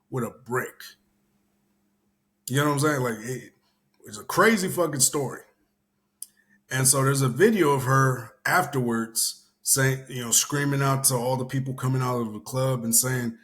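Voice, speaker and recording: A man's voice: mid-range voice, a bit bright. Casual commentary host: young man from Houston, rambling delivery, loose with curse words. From Houston area. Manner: rambling, swears casually, many fillers. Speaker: show host.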